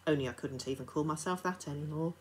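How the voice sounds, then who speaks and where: A teacher reading a children's novel aloud to her class, her voice low for a woman. The narration is steady and expressive. A faint background hiss runs under it. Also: quick pace, rough recording.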